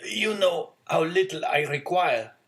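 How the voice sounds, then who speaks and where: A man voicing a frail, poor old father who talks weakly and gently in an audiobook story. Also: fairly high pitch, expressive, unhurried, pitched above the performer's own voice. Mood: gentle. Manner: weak, self-effacing.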